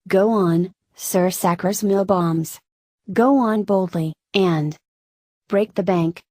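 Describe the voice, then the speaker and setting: A woman voicing a boisterous, flattering old male French ex-soldier with a hoarse voice, in an audiobook reading. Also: medium pitch, slow, dry recording. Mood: effusive. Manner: effusive, flattering, exclamatory.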